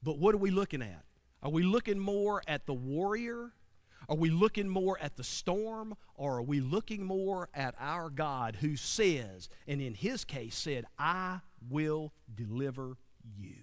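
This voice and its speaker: A man preaching a sermon, animated and dramatic, swinging from loud bursts to hushed lines. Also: on the high side, measured pace. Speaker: pastor.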